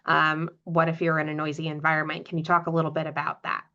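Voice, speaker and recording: A woman's voice: low voice, monotone, quick pace, sharp tone. A woman co-hosting a webinar, hesitant and filler-laden as she passes along questions. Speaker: webinar co-host. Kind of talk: webinar moderation. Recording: muffled lo-fi audio.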